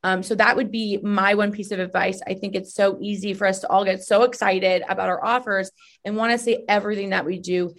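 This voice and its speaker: A woman co-hosting a podcast, giving advice in a measured, casual way. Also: medium pitch, fairly even intonation. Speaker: podcast co-host. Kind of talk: casual chat.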